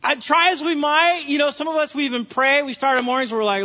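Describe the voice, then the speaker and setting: A man's voice: very high voice, fast, few pauses. A man pastor preaching a sermon in a church, telling family stories with humorous asides. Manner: animated storytelling, humorous asides. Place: church sanctuary. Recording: reverberant hall, dull lo-fi sound.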